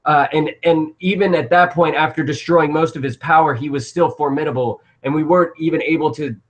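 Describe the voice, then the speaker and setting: A man's voice: a little high, steady tone, brisk. A young man narrating as game master, rambling with lots of fillers and restarts.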